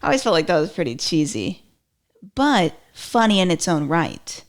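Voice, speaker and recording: A woman's voice: lowish voice, sing-song, moderate pace. Chatty rambling woman podcast host. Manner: chatty, rambling, self-interrupting with lots of "like"; playful, slips into mock voices for quotes. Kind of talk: casual solo commentary.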